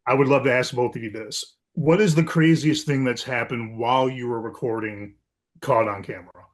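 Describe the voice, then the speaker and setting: A man in a casual chat, calmly giving practical advice as a guest. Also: medium pitch, normal speed. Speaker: paranormal investigator guest.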